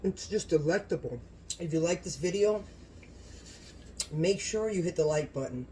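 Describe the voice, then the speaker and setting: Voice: medium pitch, lively intonation, moderate pace, mellow, slight background noise. Gushing cooking vlog host. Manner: effusive, gushing, exclaims often. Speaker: home cooking channel host. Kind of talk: casual cooking vlog, talking to camera.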